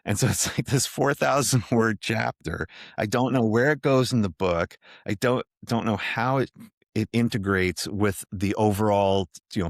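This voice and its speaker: Deep-voiced male author, animated storyteller, dry close mic. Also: no room sound. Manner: animated storytelling, many restarts. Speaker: author guest. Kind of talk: casual interview talk.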